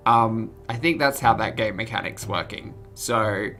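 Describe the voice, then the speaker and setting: A woman's voice: extremely low pitch, unhurried, fairly bright tone, faint music behind. A woman streamer reading game text aloud with jokey asides, giggling and tripping over words.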